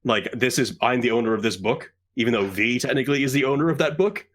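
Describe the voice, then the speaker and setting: A man co-hosting a casual game-review chat, joking and animated as he tells stories. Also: medium pitch, fast. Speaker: podcast co-host.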